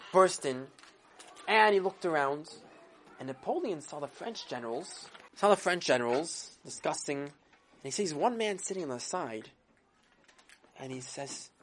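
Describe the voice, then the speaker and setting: A woman's voice: low voice, a little hiss or hum. A woman telling a story to children, dramatic and full of acted voices. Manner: dramatic, with sound effects and voices. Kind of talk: animated storytelling.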